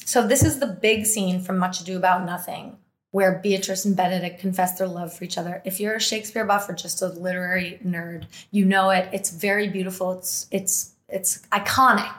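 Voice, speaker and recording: A woman with a mid-range voice hosts a podcast, talking briskly in a roomy, echoing space. She tells a long personal story in casual chat, animated and laughing often as she acts out what other people said.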